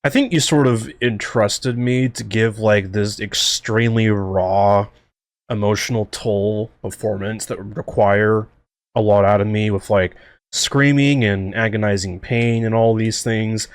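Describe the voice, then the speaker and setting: A man talking through his own series in a casual director commentary, excitable and rambling, with lots of fillers and restarts. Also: on the low side, measured pace, no room sound, clean studio sound. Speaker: series creator and co-host.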